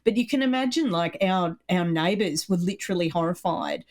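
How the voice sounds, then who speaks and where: A middle-aged woman with an Australian accent, co-hosting an animated, opinionated political podcast chat. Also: on the low side, fairly quick. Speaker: podcast co-host.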